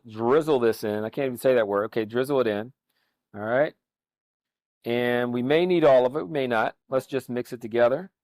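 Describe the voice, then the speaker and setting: A man's voice: medium pitch, no room sound. Man chatting through a cooking demo. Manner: relaxed, hesitant with fillers and restarts. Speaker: chef. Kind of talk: cooking demonstration.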